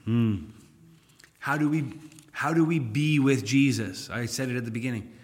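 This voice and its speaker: A man's voice: medium pitch, moderate pace, husky. A man pastor teaching a Bible study, conversational and turning emphatic when he reads scripture aloud. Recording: long hall reverb.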